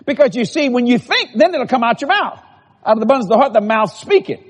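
High husky-voiced preacher in a hall. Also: male voice, big pitch swings, fast. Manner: repetitive building cadence, calls out to the congregation. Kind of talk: sermon. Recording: long hall reverb.

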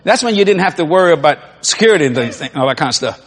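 A man with a fairly high voice preaches a sermon at rapid-fire speed, telling animated stories, acting out quotes and laughing often. A large hall gives the recording a long reverb.

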